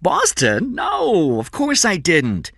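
A man putting on a sneering, higher-voiced traitor. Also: huge pitch swings, measured pace, fairly bright tone, no echo, clean studio sound, full character voice. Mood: startled. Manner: sneering, gloating. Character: scheming disloyal male assistant, younger man.

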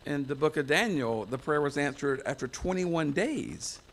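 A man's voice: on the high side, lively intonation, normal speed, slight background noise. A man from the United States preaching a folksy, self-mocking sermon to a church congregation, wandering into asides. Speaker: pastor.

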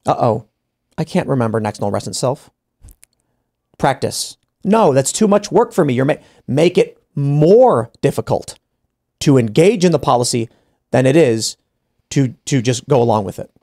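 A man hosting an opinionated podcast discussion in a studio. His mid-pitched voice is gravelly, with frequent vocal fry. He argues his point with many restarts and breaks into voicing other people. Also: lively intonation, normal speed, pauses often, warm tone. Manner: argumentative, many restarts, acts out quoted people. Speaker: podcast host. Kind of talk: opinionated panel talk.

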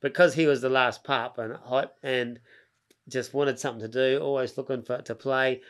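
An Australian man, a podcast guest, spins a long, rambling, slang-heavy yarn in a casual storytelling chat, often stopping and restarting sentences. He is animated and slips into other people's voices to act out their lines, speaking at a moderate pace in a clean, mid-range voice.

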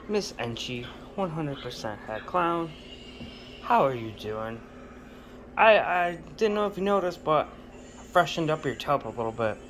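A man's voice: a little high, lively intonation, measured pace, a bit bright, slight background noise. Man cooing playfully to his snakes. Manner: coos fondly at his snakes in a playful sing-song. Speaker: snake keeper vlogger. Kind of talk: casual chat to pet snakes. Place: home room with snake tubs.

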